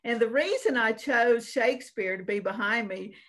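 A woman's voice: fairly high pitch, normal speed, a bit bright. Folksy woman co-host. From Virginia / North Carolina. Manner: folksy storytelling with many fillers. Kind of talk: casual chat.

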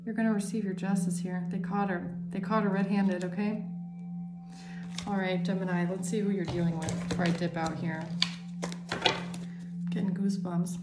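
Excitable tarot-reading woman, roomy sound. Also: mid-range voice, moderate pace, pauses often, loud music behind the voice. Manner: excitable, repeats herself, rising to squeals. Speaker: tarot reader.

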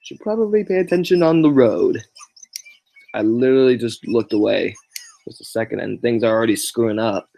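A gameplay livestreamer gives casual running commentary while playing a racing game, reacting with exclamations and short laughs. His medium-pitched voice is brisk, creaky and mellow.

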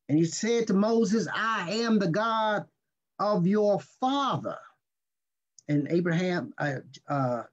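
A male pastor reading scripture and teaching in a slow, deliberate sermon, leaning on key words. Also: sits high. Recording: dull lo-fi recording.

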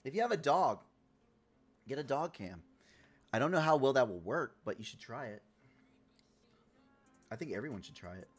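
Male streamer, casual chat with his audience, animated and crude, joking with viewers. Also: medium pitch, normal speed, pauses often, husky. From Puerto Rico. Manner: loud, profane and playful, reacting to chat.

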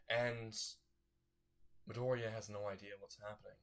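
A man's voice: lowish voice, little pitch movement, normal speed. A man casually narrating a fan story, rambling and correcting himself as he goes.

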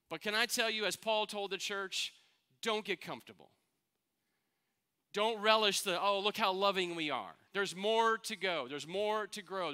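A man's voice: high voice, pushed and bright, clean tone. A middle-aged man, a pastor, preaching a sermon in an earnest, conversational way, asking his listeners questions.

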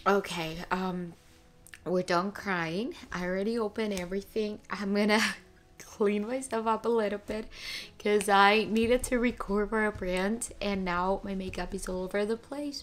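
A woman's voice: medium pitch, steady tone, unhurried. A woman in her twenties talking to camera in a casual vlog, chatty and emotional, gushing with thanks. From moved to the US as a teen. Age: 20s. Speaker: vlogger.

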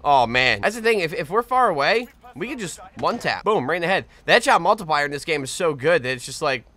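A man giving casual gameplay commentary as a gaming video host, excitable and swearing often, with frequent laughs. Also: on the high side, fast, slight background noise. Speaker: gaming YouTuber. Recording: game gunfire behind voice. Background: game gunfire and explosions.

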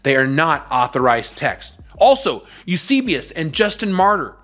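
A man's voice: a little high, sing-song, normal speed, a bit bright, soft background music. Emphatic, scornful male show host. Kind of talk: preaching commentary.

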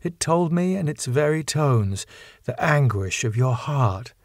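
A man reading an audiobook, voicing a gentle but resolute young woman who speaks gravely and appealingly. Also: fairly high pitch, expressive, unhurried, dry recording, clean studio sound. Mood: moved.

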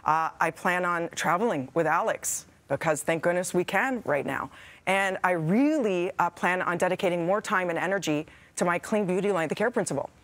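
A woman's voice: fairly low pitch, normal speed. A woman co-host of a morning TV show, giving a heartfelt on-air farewell to her viewers. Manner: heartfelt, warm, fighting back tears. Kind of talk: emotional on-air farewell speech. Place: TV studio.

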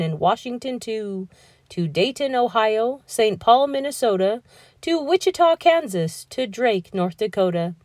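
A woman reading a children's rhyming storybook aloud in a lively, expressive, rhythmic way. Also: fairly high pitch, no room sound, clean studio sound. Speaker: children's book reader.

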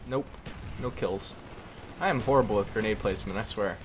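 A hoarse young man giving excitable gameplay commentary, groaning and exclaiming at his teammates. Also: lowish voice, a little fast, slight background noise. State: hoarse, losing voice. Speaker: gaming YouTuber. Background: faint gunfire from the game.

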